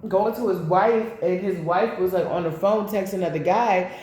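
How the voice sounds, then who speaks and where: A woman's voice: on the low side, normal speed, a little mellow. A woman giving a casual tarot reading to camera, blunt and profane, drifting into rambling asides. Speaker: tarot reader. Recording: very echoey room.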